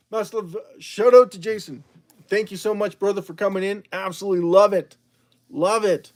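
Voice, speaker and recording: Rambling man hosting a livestream, fairly high. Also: fairly even intonation, moderate pace. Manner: rambling, chatty, with frequent restarts and laughs. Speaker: livestream host. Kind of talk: casual livestream talk reading out chat.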